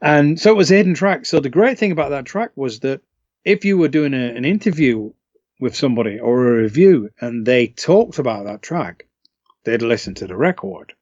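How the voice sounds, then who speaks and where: A man from the UK, a singer being interviewed, telling stories in a relaxed, chatty way and laughing often. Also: mid-range voice, moderate pace, no echo. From United Kingdom. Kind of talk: casual interview storytelling. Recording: dull, lo-fi, dry call audio.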